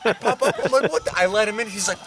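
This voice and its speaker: A man telling a profane story at a campfire, animated and laughing as he goes. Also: high voice, quick pace. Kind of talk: casual anecdote by a campfire. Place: outdoor campfire at night.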